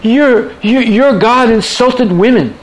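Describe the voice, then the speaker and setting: A man imitating an agitated woman protester who stammers and shouts her objection in a raised, strained voice. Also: slow, a little hiss or hum, rough recording. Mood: indignant. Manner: high-pitched, agitated, stammering.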